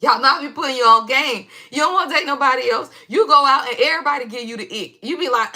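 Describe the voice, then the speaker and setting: Woman spiritual stream host, bright and a bit high, loud, profane, slangy chat. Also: quick pace, few pauses. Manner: loud, slangy, profane and animated, often asks "right?" and "y'all". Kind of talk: casual live stream spiritual guidance.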